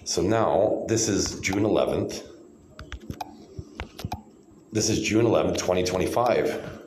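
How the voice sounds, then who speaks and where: A man in a hospital room rambles to his phone camera. He swears often, keeps pressing his point and asks "right?" again and again. His voice sits a bit low and echoes off hard walls over a faint hiss. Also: slow pace. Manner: profane, rambling, insistent, keeps saying "right?". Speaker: vlogger.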